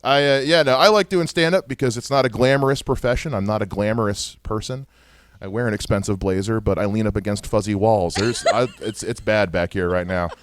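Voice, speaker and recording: A man's voice: fairly low pitch, fairly quick. A young man doing a stand-up comedy set, self-deprecating and laughing at his own jokes. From Ohio. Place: small venue with live audience.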